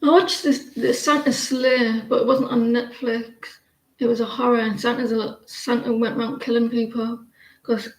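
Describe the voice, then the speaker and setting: A middle-aged woman reads tarot cards on a casual live stream and chats freely with her viewers. She talks in a blunt, rambling way, and her voice sits a little high. The room gives her voice a noticeable echo. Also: flat delivery, normal speed. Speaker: tarot card reader. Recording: roomy echo.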